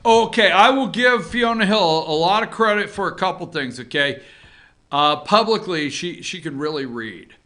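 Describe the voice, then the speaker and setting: A male host with a bright, forceful voice talks casually to his audience, leaning on asides to keep them with him. His pitch swings widely as he goes. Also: normal speed. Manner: animated, talks straight to viewers with frequent 'okay?' asides. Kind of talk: casual opinion commentary. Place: office.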